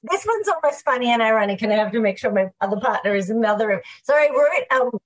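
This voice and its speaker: A middle-aged Australian woman, a guest entrepreneur, tells her story in a lively, fast conversational way, full of "like" and asides. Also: on the high side. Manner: animated, fast, filler-heavy, uses "like" often.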